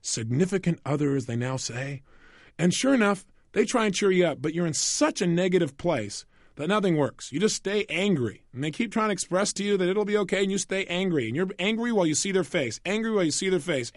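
A male motivational coach talks straight to the listener, with a high voice that swoops up and down as he goes. He slips into quick little voices to act out scenes. The sound is close and dry, with no room at all. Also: no room sound. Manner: animated, asks the listener rhetorical questions. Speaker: self-help coach. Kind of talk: motivational audio program lecture.

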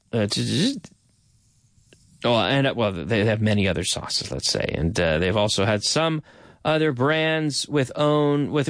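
Male radio host teaching English, mid-pitched, patient, explains words slowly, dry studio mic. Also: fairly bright tone, dry recording. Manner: explains words slowly, switching to Spanish glosses. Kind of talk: casual English lesson radio show.

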